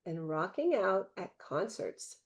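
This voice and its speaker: A woman's voice: medium pitch, very animated, slow. Woman hosting an online interview. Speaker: host.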